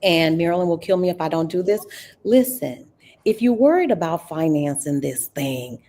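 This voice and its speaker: A woman hosts a casual livestream conversation in a slightly low voice. She talks in an animated, folksy way, calling her listeners honey and girl. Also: normal speed. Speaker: host.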